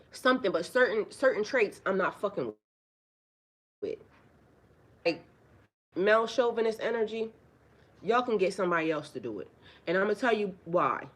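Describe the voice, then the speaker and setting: A woman, a spiritual life coach, talking casually on a livestream: blunt, profane and preachy, firing rhetorical questions and repeating phrases for emphasis. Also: medium pitch. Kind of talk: casual livestream talk to viewers.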